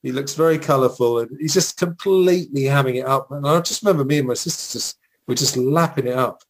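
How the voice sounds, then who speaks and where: An English-accented man co-hosts a film podcast, rambling through nostalgic stories at a middle pitch. He strings his thoughts together with fillers and restarts. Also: quick pace, rough recording. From England. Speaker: podcast co-host. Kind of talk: casual chat.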